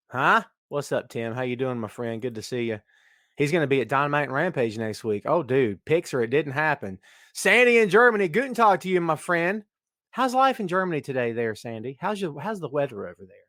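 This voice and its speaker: A man's voice: a little high, animated, moderate pace, fairly bright tone, no echo, clean studio sound. A middle-aged man hosting a live podcast, joking around and greeting viewers by name in casual, hyped-up chat. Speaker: podcast host.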